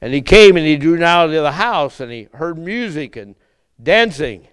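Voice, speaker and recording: A man preaching a sermon as pastor, emphatic, with repeated rhetorical questions and drawn-out phrases. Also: on the high side, expressive, fairly bright tone, smooth.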